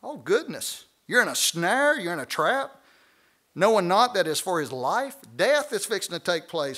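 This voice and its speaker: A preaching man teaches a Bible study in church. His voice sits notably high, and he is lively and folksy as he explains the scripture. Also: normal speed. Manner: animated preaching with folksy asides and acted quotes. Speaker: pastor.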